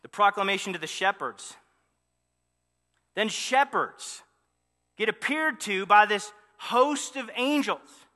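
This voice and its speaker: High, bright-voiced man preaching in a hall. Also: slow pace, pauses often. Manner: animated storytelling with rhetorical questions. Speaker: pastor. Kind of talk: sermon.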